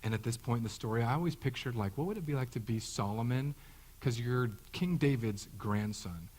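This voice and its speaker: A man's voice: mid-range voice, a little fast, darkish tone, rough recording. A man in his thirties, a pastor giving a conversational sermon, joking and acting out the voices he quotes. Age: 30s.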